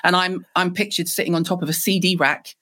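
A middle-aged woman from Liverpool with a Scouse accent, a guest telling lively stories in a podcast interview. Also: on the low side, fairly quick. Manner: lively, animated storyteller.

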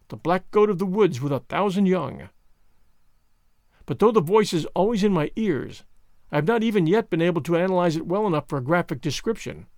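A man narrating a horror story aloud in a slow, solemn way, chanting the ritual passages. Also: fairly high pitch, no echo, clean studio sound. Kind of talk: dramatic audiobook reading.

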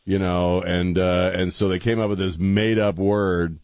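A man's voice: low-pitched, little pitch movement, measured pace, a little mellow, no room sound, studio quality. A man hosting a call-in radio show, joking and laughing often as he gives blunt opinions. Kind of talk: casual call-in radio talk. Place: radio studio.

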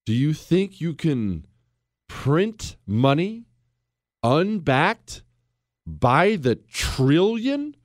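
A man with a fairly high, very animated voice hosts a political commentary show, delivering a combative, sarcastic rant straight to the listener at an extremely slow pace. He ridicules others by quoting them in put-on voices, in a dry, studio-quality recording.

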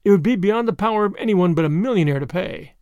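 A man voicing a calm, mocking, scheming society woman in a read story. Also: sits high, fast, no room sound, muffled recording. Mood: scornful. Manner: calm, mocking, coolly superior.

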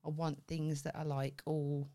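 A woman's voice: low-pitched, little pitch movement, gravelly, dark tone. A young woman with a Birmingham accent, co-hosting a podcast in brash, sweary casual chat. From England. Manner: brash, sweary, quick to laugh. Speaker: podcast co-host.

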